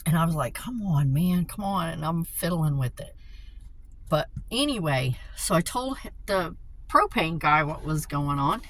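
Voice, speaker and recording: A woman casually telling a story, animated and excitable, with frequent swearing. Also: deep voice, a little slow, rough recording. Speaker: vlogger.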